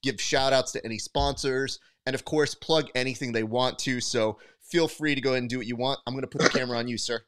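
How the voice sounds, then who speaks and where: A man hosting a casual podcast interview, telling lively coaching stories with acted-out voices and some swearing. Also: mid-range voice, quick pace, few pauses, clear, resonant tone. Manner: animated storyteller, acts out voices in anecdotes, swears. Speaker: podcast host, wrestling coach.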